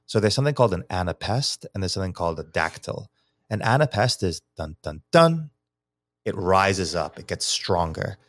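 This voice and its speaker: A man's voice: low-pitched, animated, brisk, a bit bright, no room sound, clean studio sound. A man from New York, a teacher and psychology researcher, explaining poetry as a guest in a casual podcast interview, thinking aloud with many restarts.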